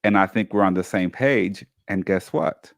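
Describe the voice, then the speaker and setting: A man co-hosting a talk show, telling a personal story in a casual, animated way and acting out the family members he quotes. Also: low voice, moderate pace, dry recording, clean studio sound. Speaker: co-host.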